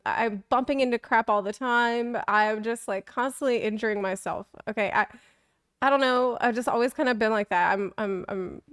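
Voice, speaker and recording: A woman's voice: mid-range voice, no echo, clean studio sound. A young woman streamer chatting casually, telling rambling, self-deprecating stories and laughing often. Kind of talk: casual chat.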